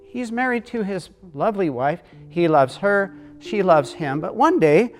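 A man's voice: sits high, very animated, unhurried, soft background music. A man explaining emotional memory and trauma, earnest and storytelling. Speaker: teacher.

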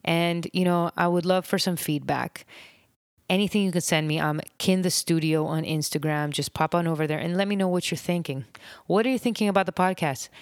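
A woman with a low voice hosts her own podcast in an unedited, reflective monologue. She rambles gently, with soft laughs and pauses. The sound is close and dry. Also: no room sound. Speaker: podcast host.

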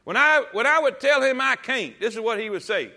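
Lively, bright-voiced male preacher. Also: extremely high pitch, a little fast. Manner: emphatic, rhetorical questions, calls congregation to read along. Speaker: pastor. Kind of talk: sermon. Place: church service.

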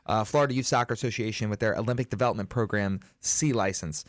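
A man's voice: lowish voice, fast talker, no room sound. A man hosting a local sports talk show, reading event listings and joking with his co-hosts. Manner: lively, laughs often, lists events. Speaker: show host. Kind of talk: casual studio chat.

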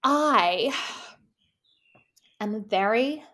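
A woman's voice: on the high side, animated, drawn-out words, fairly bright tone. A woman, improvising a mock-earnest comedy interview, rambling through many restarts.

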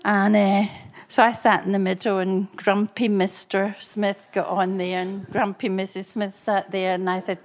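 A woman's voice: mid-range voice, a little slow, few pauses. Older woman telling stories from the pulpit. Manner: lively anecdotal storyteller, chuckling often. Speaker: speaker and couple therapist. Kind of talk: preaching with storytelling.

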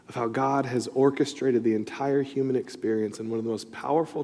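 A man's voice: mid-range voice, fairly even intonation, brisk, few pauses, darkish tone. A middle-aged man preaching a sermon, telling a personal story in a loose, conversational way with many asides. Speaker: pastor. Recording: long reverb in a large hall.

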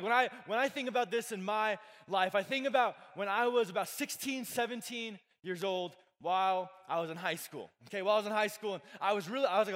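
In a church hall with a live audience and long hall reverb, a young youth pastor with a high, fairly bright voice delivers a laid-back sermon. He is chatty, uses plenty of fillers and jokes around with the crowd.

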